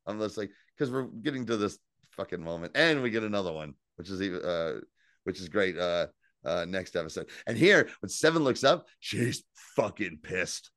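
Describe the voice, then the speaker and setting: A man co-hosting a podcast, casually and excitedly recapping scenes, swearing freely and quoting lines. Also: fairly low pitch, normal speed, no room sound, clean studio sound. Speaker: podcast co-host. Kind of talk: casual chat.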